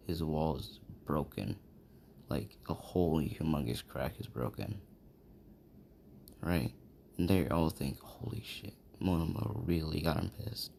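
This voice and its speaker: A man's voice: extremely low pitch, gravelly, mellow, slight background noise. A man casually telling a fan-fiction story, rambling and checking in with the listener.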